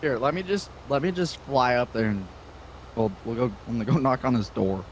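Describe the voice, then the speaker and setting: A man's voice: mid-range voice, lively intonation, brisk, slight background noise, rough recording. A man playing along with a friend, telling rambling stories and laughing often in casual chat. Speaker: co-player. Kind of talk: casual chat while gaming.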